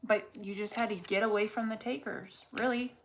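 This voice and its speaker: A woman's voice: mid-range voice, steady tone, moderate pace, loud music behind the voice. A woman giving a casual tarot reading and talking straight to the viewer, blunt and full of swearing, repeating phrases to hammer her point home. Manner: candid and profane, talks straight to the viewer; emphatic and repetitive when making a point. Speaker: tarot reader.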